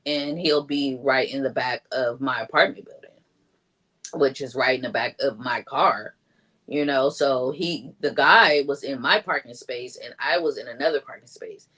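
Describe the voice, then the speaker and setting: Her voice is extremely low in pitch but a bit bright. As a guest recounting her own story, she chats freely with many "like" fillers, lifting her voice to act out what people told her.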